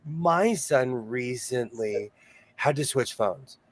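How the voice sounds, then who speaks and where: A man hosting a casual sewing-circle chat, telling animated stories and laughing often. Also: mid-range voice, slow pace, slight background noise. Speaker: host of a sewing show; single father.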